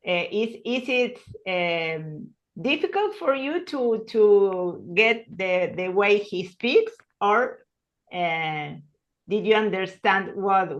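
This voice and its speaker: Slow, hesitant Spanish-speaking teacher woman. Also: mid-range voice, lo-fi sound. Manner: slow, hesitant, searching for words. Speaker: English teacher. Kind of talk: online class.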